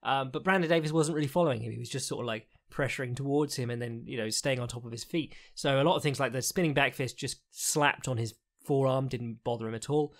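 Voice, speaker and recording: A man talking through a fight recap on his podcast, loose and rambling. He fills his thoughts with ums and uhs, swears now and then and laughs at his own remarks. His pitch sits in an ordinary middle range. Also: fast, hardly any pauses. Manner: rambling, frank, swears, frequent fillers and laughs. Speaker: podcast host, fight analyst. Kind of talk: casual solo commentary recap.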